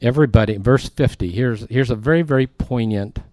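A man's voice: medium pitch, brisk, a little mellow, no echo, studio quality. A male pastor preaching a sermon in a conversational way, with emphatic asides as he reads and explains scripture.

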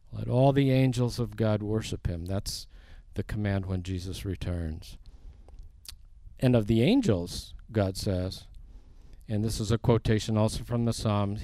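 Male preacher, slow deliberate delivery, warm dark tone, dry close sound, verse-by-verse bible teaching. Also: medium pitch, no echo. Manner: slow, deliberate, rising for emphasis on quoted scripture.

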